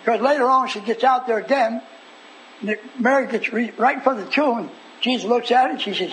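A man's voice: very high voice, a little fast, a bit bright, slight background noise, rough recording. A man preaching a dramatic sermon, acting out scenes and calling out to his congregation. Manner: theatrical, acts out scenes, calls out to the congregation. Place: church. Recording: live church service with congregation.

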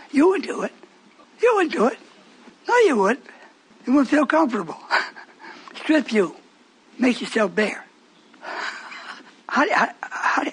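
A man preaching a sermon with passion, swinging from shouts down to whispers and rhetorical questions. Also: sits high, slightly rough, rough recording.

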